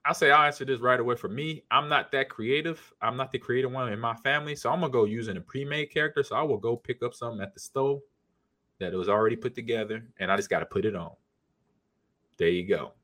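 Bright-voiced man co-hosting a podcast. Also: mid-range voice, fast. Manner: animated, breaks into silly character voices. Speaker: podcast co-host. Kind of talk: casual chat.

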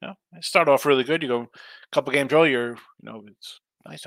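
A man's voice: mid-range voice, a little fast, vocal fry, fairly bright tone, no room sound. A man hosting a casual live stream about sports betting picks. He talks in a loose, rambling way, reads chat aloud, and sounds tired. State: tired, yawning.

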